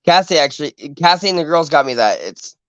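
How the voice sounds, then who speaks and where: A man's voice: fairly high pitch, expressive, fast, fairly bright tone, clean tone, dry recording. A man co-hosting a casual chat, blunt and casually swearing. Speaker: co-host. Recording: dull dry lo-fi sound.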